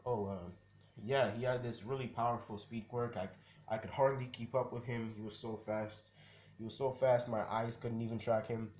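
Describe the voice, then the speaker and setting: A man voicing an easygoing adult male hero who is a big brother, in a relaxed, chummy way. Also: medium pitch, normal speed, reverberant, slight background noise, natural voice. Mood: impressed.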